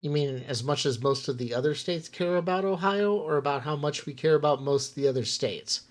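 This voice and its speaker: Teasing deadpan woman co-host. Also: deep voice, fairly quick. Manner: teasing, interrupts with deadpan jokes. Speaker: podcast co-host. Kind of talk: casual chat.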